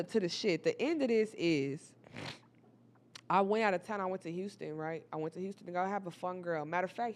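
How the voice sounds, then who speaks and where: This young woman, medium in pitch, tells her viewers a personal story in a casual, animated style. She swears freely and often speaks straight to her audience.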